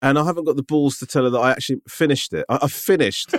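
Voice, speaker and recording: A man's voice: medium pitch, fast talker, a little hiss or hum. A man in his forties co-hosting a podcast, self-mocking and exasperated, swearing freely in casual chat. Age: 40s. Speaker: podcast co-host.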